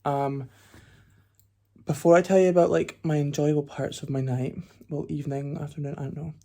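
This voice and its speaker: Outdoors with his phone, a young man vlogs his travels in a casual, filler-heavy ramble. His fairly high voice is steady and mellow with vocal fry, at normal speed, and there's no room sound.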